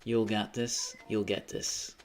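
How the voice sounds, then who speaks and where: A man's voice: fairly low pitch, level tone, slow pace, slight background noise. A man chatting casually with his live stream chat while gaming, joking and sarcastic.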